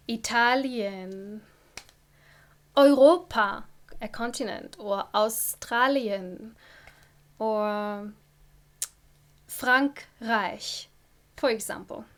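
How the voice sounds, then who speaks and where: A woman from Germany, giving an online language lesson and explaining step by step with careful, deliberate pronunciation. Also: a little high, fairly bright tone. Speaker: German teacher.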